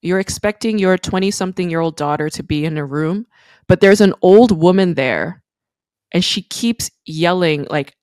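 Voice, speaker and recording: A woman's voice: fairly low pitch, moderate pace, a little mellow, no room sound, clean studio sound. A woman hosting a podcast in casual interview chat, chatty and talking through ideas with restarts. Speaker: podcast host.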